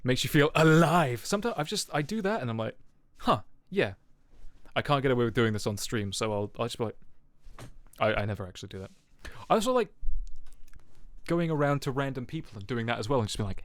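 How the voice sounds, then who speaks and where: A man's voice: medium pitch, lively intonation, fairly quick, long pauses, dry recording. Rambling man, dry close sound. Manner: rambling storytelling with many fillers and swearing. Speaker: streamer. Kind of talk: casual chat with viewers. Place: home streaming setup.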